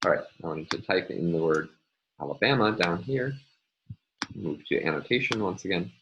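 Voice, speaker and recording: A man's voice: low voice, animated, moderate pace, background noise. A man giving a recorded linguistics lecture, explaining step by step with frequent ums and uhs as he annotates on screen.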